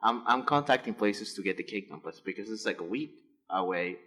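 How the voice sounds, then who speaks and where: A man's voice: on the low side, fairly quick, breathy edge. Profane storytelling man. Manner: profane, animated, gets worked up. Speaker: podcast host. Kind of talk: casual storytelling.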